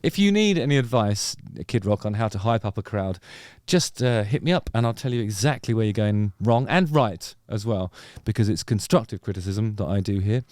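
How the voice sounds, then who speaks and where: A man's voice: lowish voice, expressive, normal speed, hardly any pauses, a little mellow, no room sound, studio quality. Jokey man hosting a music commentary. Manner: jokey, playful, drifts into mock voices. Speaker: YouTube channel host.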